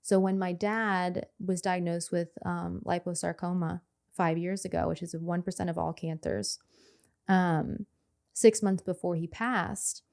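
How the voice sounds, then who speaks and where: A woman's voice: on the low side, steady tone, unhurried, creaky, a little mellow, clean tone. A young adult woman, a podcast guest, telling a heartfelt personal story in casual conversation. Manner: earnest storyteller who acts out quoted dialogue.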